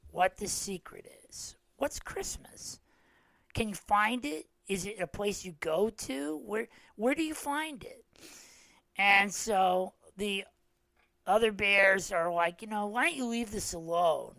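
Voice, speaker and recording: Animated male podcast host retelling stories. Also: sits high, dry recording. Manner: animated storyteller, acts out quoted lines, many fillers. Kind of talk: casual retelling of holiday specials.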